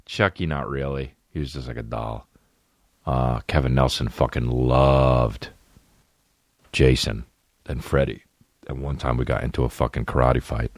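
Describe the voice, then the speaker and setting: A man's voice: a bass voice, fairly even intonation, unhurried, no echo, studio quality. A man in his thirties hosting a comedy podcast, telling a profane story that builds into a ranting mock outrage. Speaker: podcast host.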